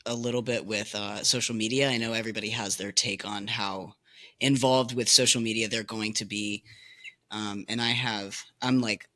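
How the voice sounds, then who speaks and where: A man on a casual podcast, talking hesitantly and thinking aloud with many pauses. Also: lowish voice, bright, forceful tone. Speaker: podcast co-host. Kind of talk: casual group chat.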